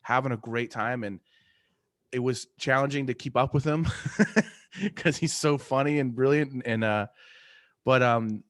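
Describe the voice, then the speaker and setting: A man's voice: mid-range voice, unhurried, no echo. A man chatting casually as an interview guest, rambling with many fillers and restarts and laughing often. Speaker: artist and podcast host, interview guest.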